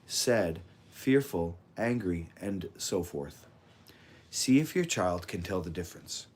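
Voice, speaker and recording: A man reading a parenting audiobook in a calm, measured, instructive way. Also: fairly low pitch. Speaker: audiobook narrator. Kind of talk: scripted audiobook narration.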